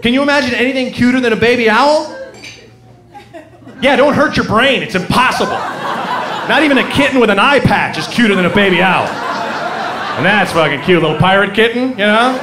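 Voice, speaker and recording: A man from Oregon doing an animated, profane stand-up set on a club stage. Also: high-pitched, normal speed. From Oregon, USA. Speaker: stand-up comedian. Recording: echoey club, loud crowd noise.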